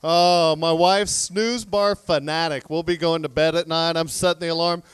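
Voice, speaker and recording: A man doing a stand-up comedy set on a club stage, telling deadpan stories and acting out both sides of conversations. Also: a little high, moderate pace, clear, resonant tone, no echo.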